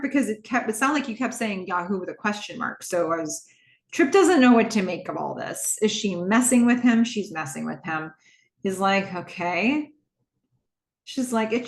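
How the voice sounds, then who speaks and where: Recapping a TV episode on her podcast, a woman speaks at medium pitch and normal speed in an echoey room. She retells scenes casually, voicing characters' lines in shifting voices, and laughs a lot, sounding lively and amused.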